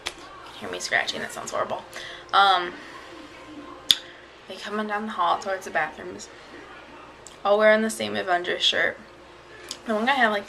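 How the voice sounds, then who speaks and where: A woman's voice: mid-range voice, vocal fry, pushed and bright, a little hiss or hum, rough recording. A woman vlogging casually, chatty and rambling as she tells a story, often laughing. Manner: chatty, rambling, laughs while telling stories.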